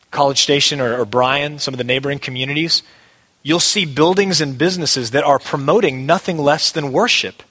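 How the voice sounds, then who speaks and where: A man's voice: a little high, fairly bright tone, husky. A male pastor preaching a sermon, emphatic and repeating key phrases for weight. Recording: long hall reverb.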